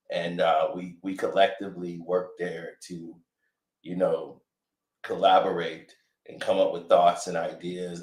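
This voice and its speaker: A man putting on an impression of a famous rapper who is calm, evasive and soft-spoken, in an echoey room. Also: close to an everyday voice. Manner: low, subdued, measured.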